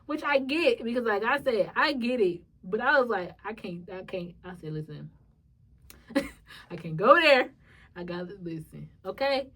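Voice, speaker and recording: A young woman, hosting a podcast and telling a personal story in a lively, animated way. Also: mid-range voice, moderate pace, recorded from a distance. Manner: lively, animated retelling with acted-out quotes and laughs. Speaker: podcast host. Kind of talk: casual storytelling monologue.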